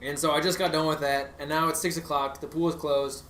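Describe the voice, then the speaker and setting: A young man with a slightly high voice rambles through a story on a casual podcast, stacking fillers and restarts and laughing at his own tale. He sounds like he is in an echoey room with a faint hiss underneath. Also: level tone, brisk, a bit bright. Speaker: podcast co-host.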